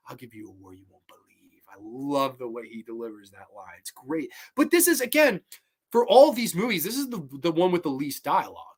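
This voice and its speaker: Enthusiastic, rambling male film reviewer. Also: fairly high pitch. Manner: excited, rambling, swears freely. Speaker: movie review host. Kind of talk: casual film commentary.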